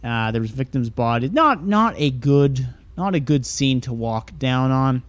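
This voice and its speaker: Dude on a podcast reading headlines, laid back and a bit halting, mid voice, dry close sound. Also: male voice, mid-range voice, expressive, smooth, no room sound. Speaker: podcast co-host. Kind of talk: casual chat, reading headlines.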